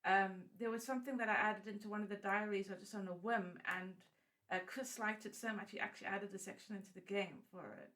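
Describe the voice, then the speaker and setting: A woman chatting casually as an interview guest, animated and quick to jump in. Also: medium pitch. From South Africa.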